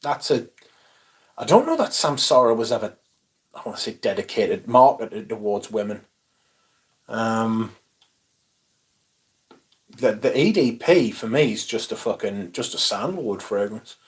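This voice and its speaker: A man's voice: fairly low pitch, animated, a little slow, long pauses, slightly rough. A man from northeast England with a Northumbrian accent, chatting casually and bluntly on a livestream, swearing freely and answering chat. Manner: profane, blunt, reading chat aloud. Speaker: livestream host.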